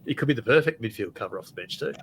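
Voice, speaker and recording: A man's voice: mid-range voice, lively intonation, rapid-fire, a little hiss or hum. A man hosting a casual podcast chat, asking questions and steering the conversation. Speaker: podcast host.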